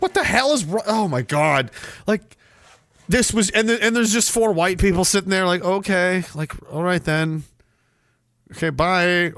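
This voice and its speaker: A man's voice: high voice, a bit bright, dry recording, studio quality. A man in his forties hosting a livestream, reading viewer comments aloud with profane, sarcastic banter and frequent laughter.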